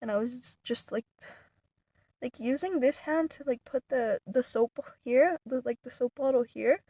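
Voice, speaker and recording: A vlogger with a high voice and an unhurried pace tells her viewers a long story in a casual, rambling way. Her retelling is animated and full of "like" fillers and restarts, and some words drop to a whisper.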